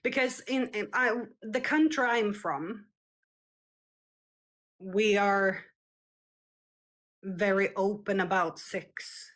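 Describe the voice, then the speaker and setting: A woman's voice: medium pitch, slow pace, pauses often, a bit bright. A young woman from Scandinavia, talking in a casual street conversation, hesitant and searching for words. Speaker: street interviewee.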